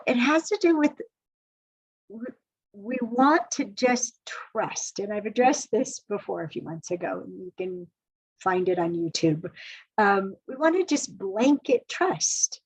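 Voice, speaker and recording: A woman hosting a live relationship Q&A, telling a personal story in a chatty, animated way with asides to viewers. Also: fairly high pitch, takes it slowly, slightly rough, no echo. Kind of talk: casual live-stream storytelling. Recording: dull lo-fi stream audio.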